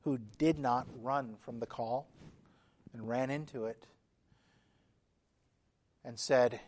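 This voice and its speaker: A man preaching a sermon in a measured, emphatic way, his intensity rising and falling. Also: mid-range voice, fairly even intonation, darkish tone, no echo.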